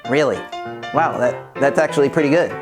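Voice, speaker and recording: A man doing Feather, a deadpan puppet. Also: medium pitch, a little fast, over music, close to an everyday voice. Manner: dry, deadpan reactions. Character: mild, dry-witted puppet character Feather. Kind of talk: puppet skit for kids.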